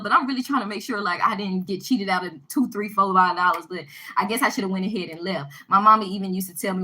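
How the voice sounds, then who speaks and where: Woman vlogger, rapid speech, bright tense voice, animated and emphatic storytelling. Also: mid-range voice, poor audio. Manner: animated, emphatic, repeats herself. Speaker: vlogger addressing her viewers. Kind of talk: casual storytelling vlog.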